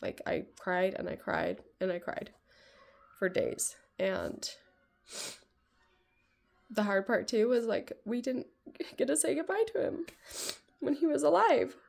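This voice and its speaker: A woman's voice: a little high, measured pace, creaky, pauses often, a little mellow. A woman in her thirties sharing a casual personal vlog, rambling with lots of "like", sounding emotional and close to tears. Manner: rambling, heavy use of "like", tearful. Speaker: vlogger.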